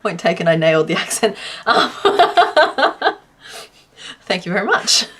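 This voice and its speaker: A woman's voice: medium pitch, sing-song, a little slow, fairly bright tone, slightly rough. A young adult woman with a Western Australian accent, chatting casually and self-deprecatingly with her viewers while she crochets, often laughing. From southwest Western Australia. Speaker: crochet streamer reading chat. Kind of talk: casual live-stream chat while crocheting.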